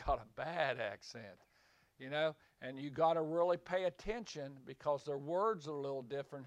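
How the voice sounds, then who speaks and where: A man's voice: mid-range voice, creaky, no room sound. A man preaching to a small group in a room, rambling and repeating words, then rising to emphatic points. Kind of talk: small-group Bible teaching. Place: small room with a few listeners.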